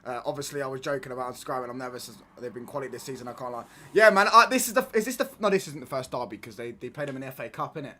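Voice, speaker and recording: A man's voice: mid-range voice, animated, very fast, few pauses, bright, forceful tone. A young man chatting casually on a football watchalong stream, reading chat and bantering in slang with stop-start restarts.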